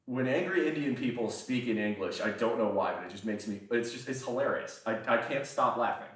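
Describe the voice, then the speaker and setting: Rambling, profane man streaming. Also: mid-range voice. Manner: rambling, profane, quick to laugh. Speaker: livestreamer. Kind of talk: casual livestream chat. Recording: echoey room, voice far from mic.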